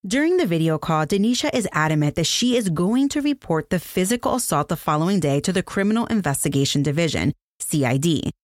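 A woman's voice: lowish voice, lively intonation, fast, few pauses, dry recording. A woman hosting a podcast, telling a case in earnest, descriptive scripted narration into a studio microphone. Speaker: podcast host.

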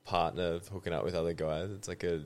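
A man hosting a podcast, chatting in a relaxed way with short reactions. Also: sits low, a little fast. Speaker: podcast host. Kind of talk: casual interview chat.

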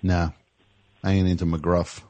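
A man's voice: low-pitched, level tone, a little slow, a little mellow, muffled recording. A man hosting a comedy call-in show, teasing callers and riffing in a rambling way. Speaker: host.

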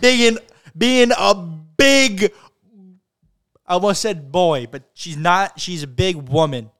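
A man's voice: high voice, slow pace. A young man co-hosting a casual podcast, joking and telling stories with lots of energy. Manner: joking, animated storytelling. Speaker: podcast co-host.

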